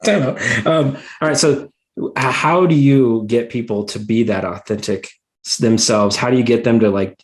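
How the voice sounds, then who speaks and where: A man's voice: mid-range voice, moderate pace. Rambling man host on a video call. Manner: rambling multi-part questions full of fillers. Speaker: podcast host. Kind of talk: casual interview chat.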